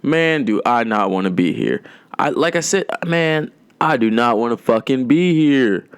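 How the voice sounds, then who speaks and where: A young man hosting a podcast, talking in a loose, rambling way, swearing a lot and making dark jokes. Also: medium pitch, lively intonation, measured pace, smooth, no echo. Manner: rambling, profane, darkly joking, drawn out. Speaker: podcast host. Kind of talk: casual rambling monologue.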